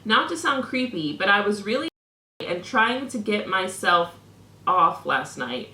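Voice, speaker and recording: A woman's voice: medium pitch, very animated, measured pace, bright, forceful tone, echoey room. A young woman vlogger reading out messages with sarcastic, mock-indignant commentary.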